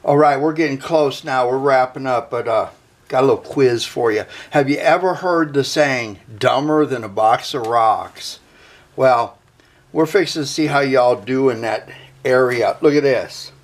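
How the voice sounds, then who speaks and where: A man's voice: mid-range voice, unhurried. Folksy man in a workshop. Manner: folksy and joking, talks to viewers while working. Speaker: guitar builder, channel host. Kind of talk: workshop how-to vlog.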